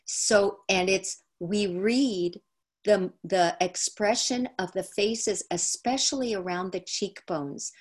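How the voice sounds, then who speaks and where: A woman teaching on a video call, explaining calmly and repeating key phrases for emphasis. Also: medium pitch, slow, breathy edge.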